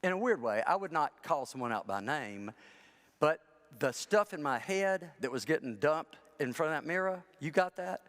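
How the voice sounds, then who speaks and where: Animated male pastor in echoing church. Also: on the high side, moderate pace. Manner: animated, chatty, self-deprecating humor, voices people in his stories. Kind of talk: conversational sermon with storytelling. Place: large church sanctuary. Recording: church with long reverb.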